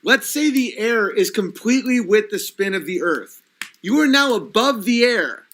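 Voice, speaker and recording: A man's voice: sits high, expressive, moderate pace, a bit bright. A man hosting a livestream who rants and swears while he reads chat comments aloud and argues back at them. He says he has had a few drinks. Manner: agitated, profane, reading chat comments aloud. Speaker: livestream host.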